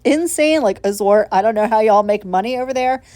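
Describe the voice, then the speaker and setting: A slightly high, warm voice moves at a brisk pace with no room sound. The woman is a nail vlogger giving a casual tutorial voiceover recorded separately from the video, and she gushes and swears offhandedly while explaining each step.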